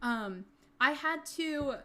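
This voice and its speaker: Woman streamer, chatty and bubbly, brightish higher voice, desk mic. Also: animated, slow pace. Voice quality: bubbly, chatty, talks to chat. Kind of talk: casual livestream chat. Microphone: desk mic, not close to mouth.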